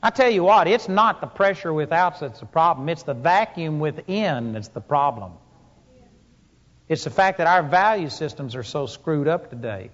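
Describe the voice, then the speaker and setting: A man's voice: a little high, expressive, moderate pace, a bit bright. A man preaching a sermon to a congregation, telling stories with emphatic rises and punchy lines. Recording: long hall reverb, dull lo-fi sound.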